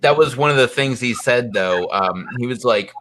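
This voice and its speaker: Bright-voiced man rambling through a story. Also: mid-range voice, lively intonation, normal speed, a little hiss or hum. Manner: rambling, filler-heavy storytelling with quoted voices. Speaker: co-host. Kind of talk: casual chat, retelling a story.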